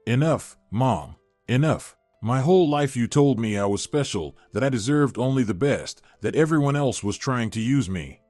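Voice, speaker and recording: A man's voice: mid-range voice, animated, moderate pace, darkish tone, no echo, soft background music, natural voice. A man voicing a weak-willed husband in his thirties, speaking in a broken, pleading way.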